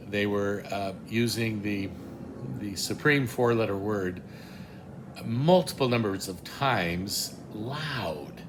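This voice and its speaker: A man's voice: fairly low pitch, background noise. An older man telling a casual, wry, self-deprecating story, with many fillers and restarts. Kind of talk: casual anecdote.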